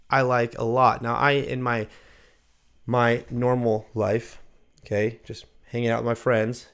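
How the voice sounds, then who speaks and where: A man training new gymnastics coaches in a loose, chatty way. His voice has a gravelly edge, and he keeps jumping into little acted-out bits of what he'd say to kids. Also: medium pitch. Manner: animated, acts out quoted lines. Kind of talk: casual training talk.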